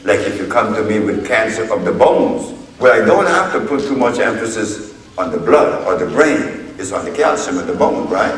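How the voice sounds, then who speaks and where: Man, public lecture, unhurried storytelling, lively pitch, recorded from far back in a big echoey hall. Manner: unhurried storytelling, emphatic, quotes others in dialogue. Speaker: speaker addressing an audience. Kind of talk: public lecture with retold courtroom exchanges. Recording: echoey hall from far off, faint background noise.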